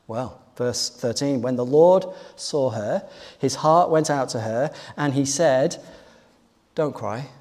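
A man's voice: medium pitch, slow, darkish tone. A man preaching a sermon, retelling a passage in an earnest storytelling manner with rhetorical questions. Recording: long hall reverb.

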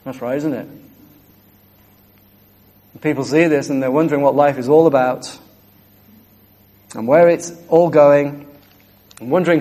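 A man's voice: a little high, fairly even intonation, measured pace, long pauses, mellow. A man preaching a sermon, earnest and emphatic, repeating key phrases.

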